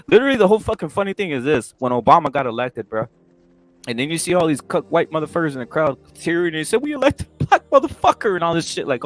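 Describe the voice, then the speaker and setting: A man's voice: a little high, no echo. A man in casual chat, telling stories animatedly with slangy swearing. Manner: animated storytelling, swearing, laughing asides.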